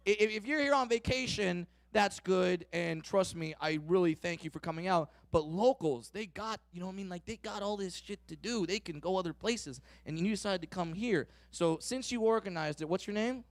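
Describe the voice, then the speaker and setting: Brash stand-up comic, a man with a high, gravelly voice and a dry close sound. Works the crowd, crude punchlines. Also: moderate pace, few pauses, no echo. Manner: brash, profane, loud punchlines, teasing the audience; mimics others in higher voices. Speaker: stand-up comedian. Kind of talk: live stand-up and crowd work.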